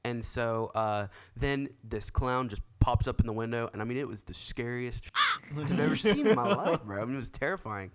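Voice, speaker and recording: A man's voice: medium pitch, lively intonation, moderate pace, few pauses, fairly bright tone. A young man co-hosting a podcast, telling stories in casual chat and often laughing. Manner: laughing storyteller, voices others in quotes. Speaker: podcast co-host.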